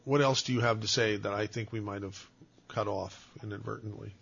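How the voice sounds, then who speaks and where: A man's voice: fairly low pitch, fairly even intonation, a little fast, gravelly, a bit bright, husky. A man hosting a call-in radio show, rambling and fumbling in a jokey way. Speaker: radio host. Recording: slightly dull, lo-fi sound.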